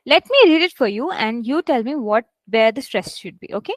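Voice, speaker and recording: High-voiced woman coaching a live class. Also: animated, no room sound, poor audio. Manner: coaxing, reads sentences aloud slowly with stress. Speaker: English test instructor. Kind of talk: live online class teaching.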